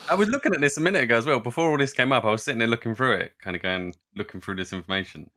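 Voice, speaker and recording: Quick-talking guy at a tabletop game, bright lowish voice. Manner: quick, asks questions. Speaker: player. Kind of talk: casual chat at a game table.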